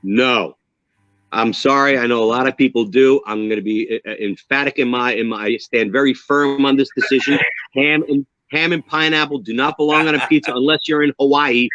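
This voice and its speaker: A man with a New York accent, a drummer being interviewed on a video call, talking in an animated, emphatic, joking way. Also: mid-range voice, brisk, dry recording, highs cut off. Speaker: guest drummer. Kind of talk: casual interview chat.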